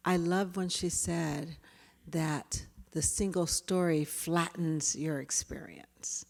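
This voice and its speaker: A woman presenting a workshop, talking to her audience in a lively way and asking them questions. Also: low voice, slow pace. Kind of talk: interactive talk. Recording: hall reverb.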